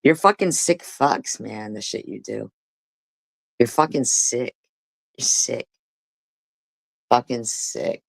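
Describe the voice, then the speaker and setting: A woman's voice: extremely low pitch, expressive, takes it slowly, vocal fry, long pauses, no room sound. A woman live streamer ranting angrily and cursing often, repeating herself as she argues with critics. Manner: angry, profane, repetitive. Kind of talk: heated livestream rant.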